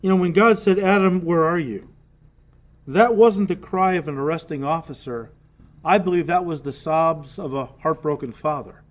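A man preaching a sermon with earnest conviction, dropping to soft, low asides between emphatic points. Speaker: pastor.

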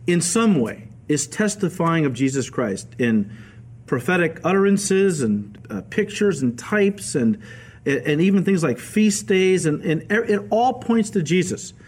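A male pastor giving a radio Bible teaching sermon, telling the stories in a lively way and acting out the quoted voices. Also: sits high, slightly rough. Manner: animated storytelling, acts out quoted voices.

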